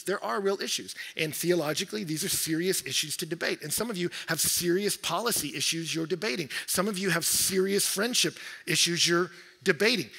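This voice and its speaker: A man preaching a sermon as a pastor, animated, slipping into quoted voices and jokes. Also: fairly high pitch. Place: large church hall. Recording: hall reverb.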